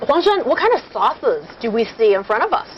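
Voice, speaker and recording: A woman's voice: on the high side, sing-song, brisk. Chatty woman hosting a live meal. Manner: chatty, laughing, talks while chewing. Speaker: host. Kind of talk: casual live food chat. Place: indoors at a restaurant table. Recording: slightly dull sound with faint background noise.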